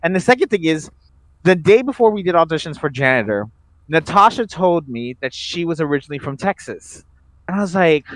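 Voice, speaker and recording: A man's voice: fairly high pitch, big pitch swings, fairly quick, no room sound, rough recording. A man in a casual group call, telling a rambling anecdote about his voice acting. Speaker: voice actor.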